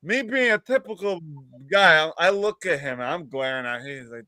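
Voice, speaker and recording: A man with a somewhat high voice rambles through a funny anecdote, laughing as he goes and slipping into quick impressions of the people in it. He sounds like a live-stream host chatting to his co-hosts. The recording is close and dry, with almost no room sound. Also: bright, forceful tone, clean tone, no room sound. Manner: rambling anecdote, laughs often, acts out others' lines. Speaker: podcast host. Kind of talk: casual chat, storytelling.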